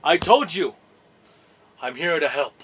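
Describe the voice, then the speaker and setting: A man's voice: fairly high pitch, lively intonation, unhurried, a bit bright, slightly rough, heavily acted. A man voicing a laid-back, matter-of-fact male helper companion in a tabletop game, talking in an offhand, casual way.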